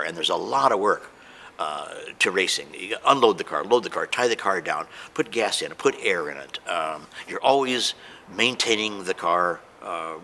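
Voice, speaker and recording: Man, emotional testimonial, hesitant, lots of fillers, lowish voice, bright tone, faint noise. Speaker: patient giving a testimonial. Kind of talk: unscripted testimonial.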